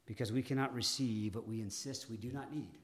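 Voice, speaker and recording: With a steady, mid-range voice, a male pastor gives a sermon that's measured and dramatic. Pauses are frequent, and he moves back and forth between hushed and emphatic speech.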